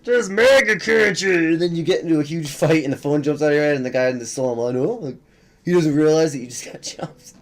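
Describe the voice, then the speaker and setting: A young man with a fairly high voice hosts a reaction video. He talks in a mocking, sarcastic way, swears freely and keeps breaking into laughter at what he is watching. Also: fast talker, dark tone, a little hiss or hum.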